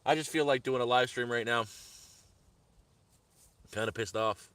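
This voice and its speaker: A man's voice: medium pitch, moderate pace, fairly bright tone, clean tone, no echo. A man on a live stream outdoors in the woods, telling a heated story in repetitive bursts. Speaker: vlogger. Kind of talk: angry live-stream rant.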